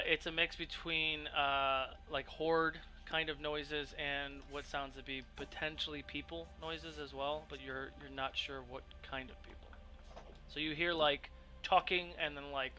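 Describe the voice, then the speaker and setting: A man's voice: a little high, steady tone, measured pace, sharp tone, soft background music, low-quality recording. A man narrating a tabletop game as game master, describing scenes loosely with lots of fillers.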